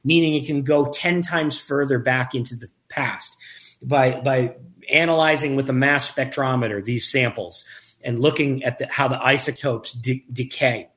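A man telling a lively anecdote about making a documentary, acting out the quoted dialogue and often restarting his sentences. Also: mid-range voice, normal speed. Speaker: documentary filmmaker. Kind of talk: casual storytelling in an interview.

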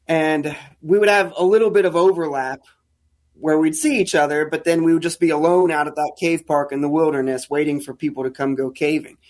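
A man telling a caving story as a podcast guest, casual and animated, acting out the lines of people in it. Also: a little high, brisk. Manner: animated, acts out quoted dialogue. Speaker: guest, caver.

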